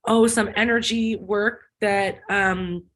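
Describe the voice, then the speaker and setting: A woman hosts a relaxed spiritual talk. She chats loosely and thinks out loud, with plenty of fillers and soft giggles. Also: mid-range voice, slow pace. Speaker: host. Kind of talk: casual spiritual chat.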